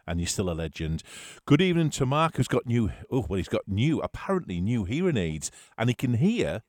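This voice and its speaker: A man hosting a live radio show, chatting and teasing listeners as he reads out shout-outs. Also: on the low side, no room sound, clean studio sound.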